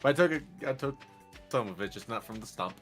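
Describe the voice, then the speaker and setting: Man, game streamer, bright ringing voice, swings up and down, playful, laughs a lot. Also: medium pitch, animated, a little fast, faint music behind. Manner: playful, laughs often, mock-offended teasing. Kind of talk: casual gameplay chat.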